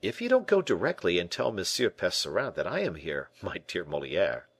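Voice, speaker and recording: A man's voice: fairly low pitch, sing-song, moderate pace, no room sound. A man voicing a bold musketeer captain who teases and presses with emphatic banter, in an audiobook reading. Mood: teasing.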